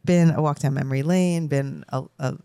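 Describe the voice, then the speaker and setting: A woman's voice: sits low, fairly even intonation, moderate pace, warm tone, clean tone, no echo. A middle-aged woman co-hosting a casual family podcast, chatty and emotional, laughing often as a new grandmother.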